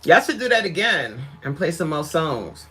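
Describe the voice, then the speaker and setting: A woman's voice: low voice, very animated, moderate pace, sharp tone, slightly rough. A woman fitness coach chatting on a livestream, reading viewer comments aloud, laughing often, recorded on a tablet mic. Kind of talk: casual livestream chat.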